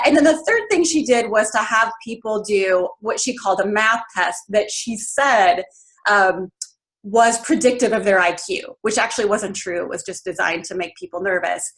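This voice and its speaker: A woman's voice: medium pitch, normal speed, a bit bright. Chatty woman presenting a webinar. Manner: casual, many ums and you-knows. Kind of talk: informal webinar talk.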